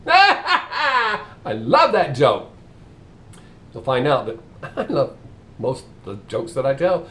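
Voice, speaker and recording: A man telling crude street jokes in a casual, animated way, laughing at his own punchlines. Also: medium pitch, slow pace, gravelly. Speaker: comedian.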